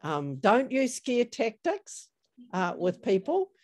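A woman's voice: a little high, very animated, takes it slowly, darkish tone. A woman giving an online training talk over a video call, chatty and storytelling, with many fillers. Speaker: workshop presenter.

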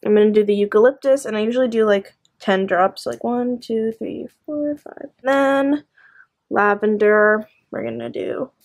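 A woman's voice: fairly high pitch, a little slow. A young woman talking casually to camera in a home vlog, filling her talk with "like" and "um". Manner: chatty, lots of "like" and "um". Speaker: vlogger. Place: at home, bedroom.

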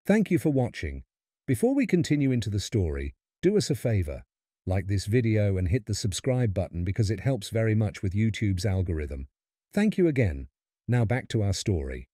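A man softly asking listeners to like and subscribe before the story resumes. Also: lowish voice, big pitch swings, moderate pace, slightly rough, no echo, studio quality. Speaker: channel narrator. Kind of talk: channel call to subscribe.

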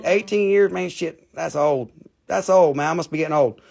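Gravelly man selling minerals live. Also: fairly high pitch, fairly quick, darkish tone. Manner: rambling, swears, repeats prices. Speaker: live stream seller of minerals. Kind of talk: casual live sales talk.

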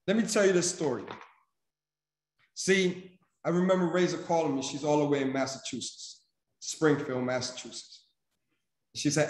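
A man's voice: fairly high pitch, animated, moderate pace. A man giving a motivational speech to his sales team, emphatic and preachy. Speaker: senior vice president and sales mentor. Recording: echoey room.

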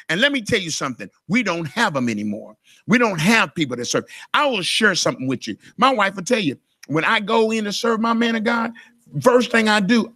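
Impassioned high-voiced preacher man. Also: bright, forceful tone, no room sound, studio quality. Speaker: pastor. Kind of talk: sermon.

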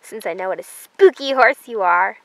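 A woman's voice: mid-range voice, animated, moderate pace, gravelly, dry recording, pitched below the performer's own voice. A woman voicing a patient, matter-of-fact young trail leader in a toy horse drama.

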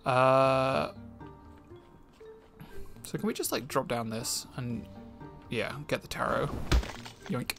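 A man's voice: medium pitch, fairly even intonation, takes it slowly, creaky, long pauses, over music. A man casually commenting on a game as he plays, rambling with fillers and restarts. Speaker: streamer. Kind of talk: let's-play commentary.

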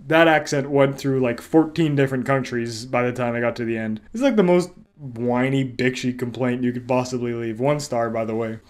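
A man's voice: mid-range voice, moderate pace. Sarcastic young man reading reviews. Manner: sarcastic, mock voices for reviews. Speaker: comedy reviewer.

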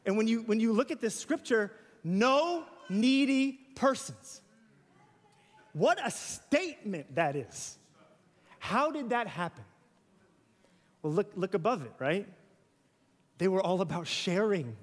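A man preaching a sermon in a church, conversational and animated, with playful asides. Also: high voice, takes it slowly, pauses often. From US South. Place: church sanctuary. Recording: church hall with long reverb.

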